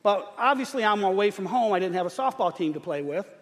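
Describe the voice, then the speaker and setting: A middle-aged man preaching a sermon, telling a humorous story in an animated way. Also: sits high, fast. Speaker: pastor. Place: church sanctuary. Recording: long church hall reverb.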